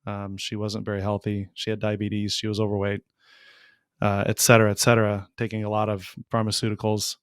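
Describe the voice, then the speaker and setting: A man's voice: fairly low pitch, fairly bright tone, clean tone, no room sound. A man co-hosting a casual podcast chat with dry wisecracks. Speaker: co-host.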